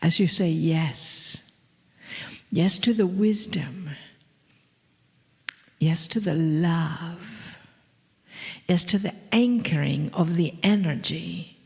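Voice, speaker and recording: A woman channeling a spiritual message to a live audience, slow and breathy, slipping into whispers. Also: on the low side, in a large hall. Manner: slow and breathy, drifting into whispers with soft laughs.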